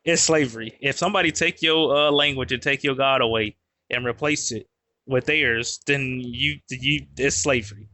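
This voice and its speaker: A man's voice: medium pitch, moderate pace, pushed and bright, no echo. A man hosting a podcast, talking in a blunt, questioning way and often repeating himself. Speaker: podcast host. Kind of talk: casual podcast conversation.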